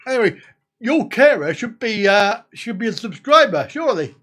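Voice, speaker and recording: A man's voice: sits high, very animated, normal speed, fairly bright tone. A man hosting a casual live stream, chatting and laughing as he answers viewer comments.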